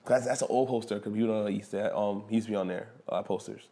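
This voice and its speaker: A man's voice: lowish voice, fast talker, vocal fry. A man being interviewed, telling a backstage story in slangy casual speech, swearing freely and acting out what others said. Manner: animated storyteller who acts out quotes loudly. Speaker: wrestler and guest.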